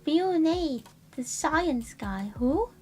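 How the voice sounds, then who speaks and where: High-voiced playful woman streamer. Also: lively intonation, very slow, a little mellow. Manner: playful, rambling, greets chat. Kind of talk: casual live-stream chat.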